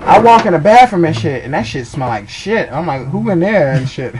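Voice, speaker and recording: A man's voice: fairly high pitch, big pitch swings, fairly quick, a little mellow, low-quality recording. A young man telling rambling, profane funny stories in a casual way, laughing along as he goes. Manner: rambling, swearing, laughing at his own stories. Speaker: storyteller. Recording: faint background noise.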